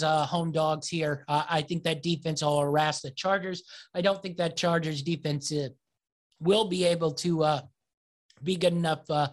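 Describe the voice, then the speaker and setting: A man co-hosting a casual sports betting chat, loose and upbeat, with lots of filler words. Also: on the high side. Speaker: podcast co-host.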